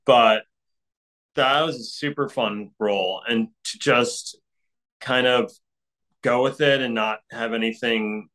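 A man's voice: mid-range voice, steady tone, slow pace, fairly bright tone, low-quality recording. Chatty man full of fillers. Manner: rambling, many fillers like "like" and "um", laughs often. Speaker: actor guest. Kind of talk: casual interview chat.

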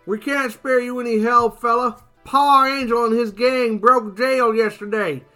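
Here is a man doing a gruff Texan judge in a comic read-along. He has a slow, folksy drawl and a blunt manner, and the voice sits a touch lower than his usual talk. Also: steady tone, bright, forceful tone, faint music behind. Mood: blunt warning. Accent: put-on Texan drawl. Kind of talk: podcast read-aloud of a comic.

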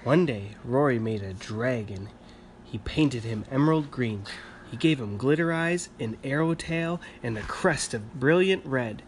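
A man reads a picture book aloud to a young child in a calm, even voice of middling pitch. He stops now and then to ask the child questions about the story, and a faint hiss of noise sits underneath. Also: a little slow. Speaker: reader reading to a child. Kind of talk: bedtime story read-aloud.

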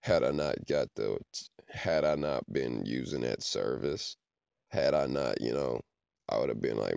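A man's voice: rumbling low, measured pace, vocal fry, darkish tone, no room sound, dull audio. A man hosting a podcast, talking casually in a rambling way and often checking in with "you know what I'm saying". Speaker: podcast host. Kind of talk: casual monologue.

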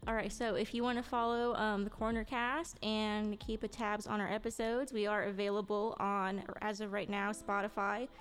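A young woman hosting a podcast in casual chat, giggly and a bit hesitant. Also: mid-range voice. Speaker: podcast host.

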